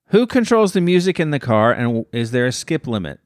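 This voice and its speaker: A man's voice: medium pitch, big pitch swings, brisk, dry recording, clean studio sound. A man in his thirties with an American accent, co-hosting a casual podcast with his wife, joking and playfully defensive. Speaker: podcast co-host. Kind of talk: casual chat.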